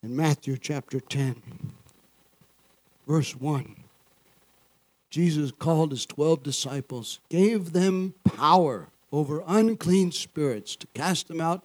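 A man's voice: fairly high pitch, lively intonation, slow, darkish tone, no echo. Dry-toned man preaching a sermon. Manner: call-and-response, frequent "Amen?" and chuckles. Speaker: pastor.

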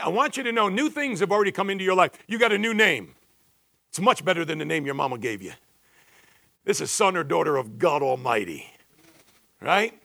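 A man in his sixties preaching a sermon, building to emphatic peaks and dropping low and confiding when he tells stories. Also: vocal fry, a bit bright, no echo. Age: 60s. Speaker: pastor.

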